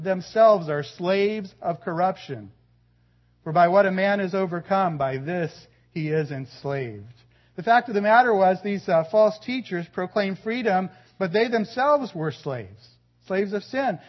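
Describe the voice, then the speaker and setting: Male pastor, high-ish voice, earnest sermon delivery, dull recording. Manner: earnest preaching, drops to a quiet low voice for emphasis.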